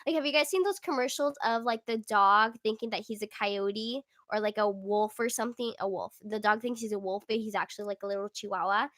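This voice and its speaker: A young woman with a squeaky voice hosting a casual livestream, chatty and giggly, filling her talk with "like". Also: fairly quick, few pauses, fairly bright tone, dry recording, clean studio sound. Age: young adult. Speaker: livestream host.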